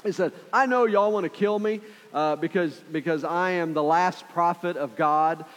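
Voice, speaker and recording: Preacher in a long-reverb hall. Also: male voice, fairly high pitch, moderate pace, a bit bright. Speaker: pastor. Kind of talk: sermon.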